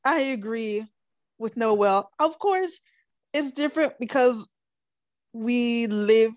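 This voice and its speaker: A woman's voice: a little high, lively intonation, takes it slowly, no echo. A woman co-hosting a podcast, adding short agreeing remarks in casual chat. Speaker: podcast co-host.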